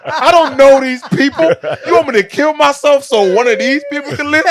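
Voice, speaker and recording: A man's voice: extremely high pitch, normal speed, a crowd in the background. A man in his thirties, a comedian guest on a podcast, telling a story with lots of energy, acting out the people in it and laughing as he goes. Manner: acts out other people's voices, laughs through the story.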